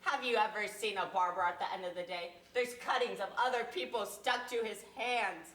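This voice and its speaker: A woman's voice: medium pitch, a little fast, fairly bright tone, close to an everyday voice. A young woman on a school stage playing a pushy male waterfront hustler with wheedling sales patter, recorded from far off in an echoey hall. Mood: animated. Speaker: student actor.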